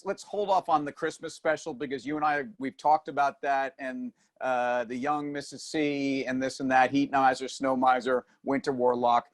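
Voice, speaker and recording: A man's voice: medium pitch, fairly even intonation, normal speed, hardly any pauses. Wisecracking man co-hosting a finance show. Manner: teasing, wisecracking. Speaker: co-host. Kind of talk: casual banter on a finance show.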